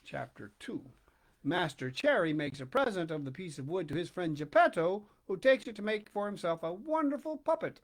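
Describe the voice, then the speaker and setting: A man reading a children's storybook aloud, expressive and dramatic, with hushed pauses. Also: high-pitched. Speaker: narrator.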